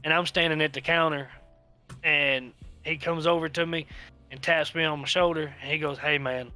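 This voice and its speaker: A man's voice: on the high side, fairly even intonation, normal speed, bright, forceful tone, faint music behind. A man telling long, rambling stories in casual chat, swearing freely as he goes. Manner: profane, rambling storyteller. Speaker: podcast co-host telling stories.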